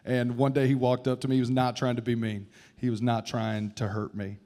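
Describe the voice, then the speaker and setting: A man telling loud, profane, laughing stories on a comedy club stage into a handheld mic. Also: medium pitch, little pitch movement, a little fast. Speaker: comedian and teacher. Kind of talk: live comedy Q&A storytelling.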